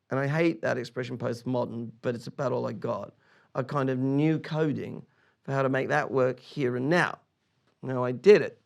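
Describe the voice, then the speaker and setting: A man with a gravelly, creaky voice tells stories from his career. He talks in a lively, animated way and often breaks into laughter and restarts his sentences. He is a guest in an interview on stage in a cinema. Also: medium pitch. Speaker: film director, interview guest. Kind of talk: animated anecdotal storytelling.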